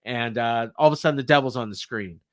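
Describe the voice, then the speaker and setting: A man's voice: medium pitch, quick pace. A man co-hosting a podcast, recapping a show in a rambling way with many fillers. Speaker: podcast co-host. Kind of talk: casual wrestling recap.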